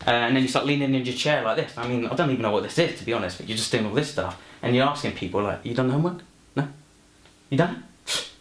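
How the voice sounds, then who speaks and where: Racing along with hardly any pauses, this medium-pitched young adult from London presents himself and spins a funny tale full of fillers and false starts. He's a university student and actor, recorded with roomy echo and faint music behind him.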